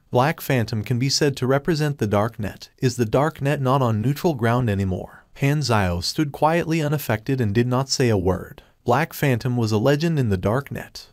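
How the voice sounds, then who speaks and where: A man reading a story recap aloud in a steady, even narration. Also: mid-range voice, dry recording, studio quality.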